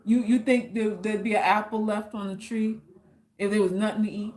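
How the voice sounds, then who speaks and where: A woman talks casually to her viewers on a live stream. She reads out their comments and answers with blunt, slangy teasing and some cursing. Her pitch sits in the ordinary middle. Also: steady tone, moderate pace, darkish tone. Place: South Florida.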